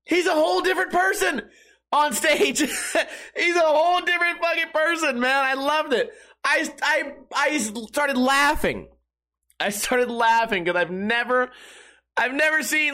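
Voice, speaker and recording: High, animated, profane podcast guy. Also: a little slow. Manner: excitable, profane, rambling with restarts. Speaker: podcast host. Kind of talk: casual comedic podcast monologue.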